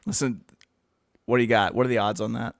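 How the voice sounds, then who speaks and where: A man's voice: mid-range voice, little pitch movement, brisk, vocal fry, dry recording, studio quality. A man co-hosting a casual sports betting podcast, joking and quizzing his co-host as he reads out his picks.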